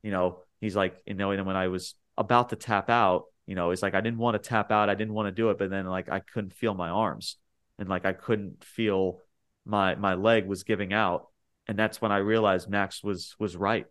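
A man co-hosting a casual wrestling podcast, talking in an animated, rambling way that rises sharply when he gets worked up. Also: low-pitched, moderate pace, clear, resonant tone. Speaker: podcast co-host.

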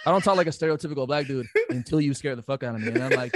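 A man's voice: mid-range voice, rapid-fire, few pauses, slight background noise. A man in casual podcast chat, telling a story with lots of swearing and acting out his own panicked reactions. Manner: profane, excitable, acts out his own reactions.

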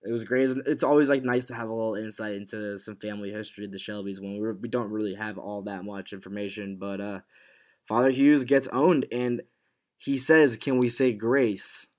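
A man's voice: on the low side, steady tone, brisk, a little mellow. A man co-hosting a casual podcast recap of a TV episode, talking in a loose, rambling way with lots of fillers and restarts. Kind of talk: casual chat.

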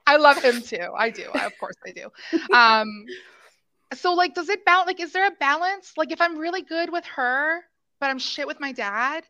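Guest woman from Chile, sharp bright tone, self-deprecating and chatty. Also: sits high, expressive, normal speed, no room sound. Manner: giggly, self-deprecating, rambling. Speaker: podcast guest. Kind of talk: casual interview chat.

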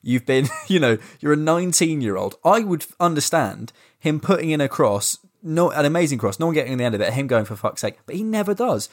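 A man's voice: fairly high pitch, a little fast, hardly any pauses. A man co-hosting a football podcast, ranting in casual, sweary chat. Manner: animated, swearing, ranting, restarts. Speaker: podcast co-host.

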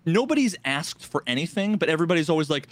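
A man's voice: a little high, big pitch swings, quick pace, dry recording. A man co-hosting a casual gaming podcast, rambling with many restarts and acting out other players' lines. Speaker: podcast co-host.

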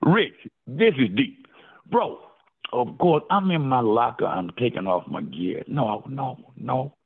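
An older man, a former football player, telling stories in a casual interview with lively, animated delivery and repeated address of the host. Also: mid-range voice, takes it slowly, vocal fry, husky. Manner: animated storyteller who keeps addressing the host by name. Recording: phone-like, lo-fi line.

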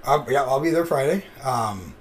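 A man hosting a podcast, chatting casually and telling stories with animated delivery. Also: medium pitch, moderate pace, slight background noise. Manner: animated storyteller. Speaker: podcast host. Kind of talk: casual chat.

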